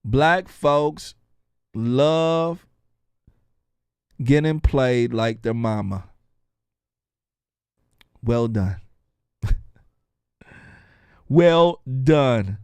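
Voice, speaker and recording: A man's voice: mid-range voice, very slow, pauses often, darkish tone, smooth, no echo. A man hosting his own show, delivering a mocking, jokey political commentary monologue. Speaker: show host.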